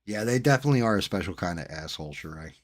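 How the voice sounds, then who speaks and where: A man's voice: low-pitched, expressive, rapid-fire. A middle-aged man from New Jersey, chatting casually with viewers and telling rambling, profane stories. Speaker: streamer host chatting with viewers. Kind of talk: casual chat.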